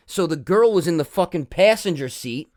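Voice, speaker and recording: A man's voice: fairly high pitch, animated, moderate pace, darkish tone. A young man co-hosting a podcast, telling a rambling story full of swearing and fillers in casual chat. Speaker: podcast co-host.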